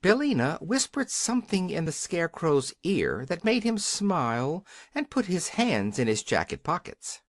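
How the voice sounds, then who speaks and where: A man's voice: fairly high pitch, big pitch swings, moderate pace, hardly any pauses, no room sound, clean studio sound. A man reading a children's fantasy storybook aloud, giving the characters their own voices. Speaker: audiobook narrator. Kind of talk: scripted storybook narration.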